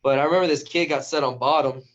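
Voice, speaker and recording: Male wrestling coach, casual storyteller, fairly high voice, muffled lo-fi sound. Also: fast. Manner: animated storyteller who acts out quotes. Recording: dull lo-fi recording.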